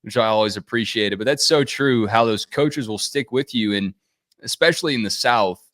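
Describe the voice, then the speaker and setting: A man's voice: lowish voice, moderate pace, a bit bright, dry recording, clean studio sound. A man hosting an interview, friendly and chatty, asking long questions. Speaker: interviewer, host. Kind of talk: conversational interview.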